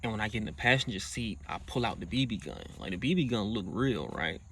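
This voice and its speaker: A man's voice: lowish voice, lively intonation, quick pace, fairly bright tone, a little hiss or hum. A man casually recounting a personal story in profane slang, acting out quoted lines in a raised voice. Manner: profane slang-heavy talk.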